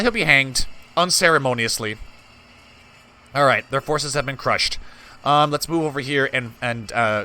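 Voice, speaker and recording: A man's voice: mid-range voice, pushed and bright. A man giving casual commentary on a strategy game, chatty, talking to his viewers and laughing easily. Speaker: gameplay host.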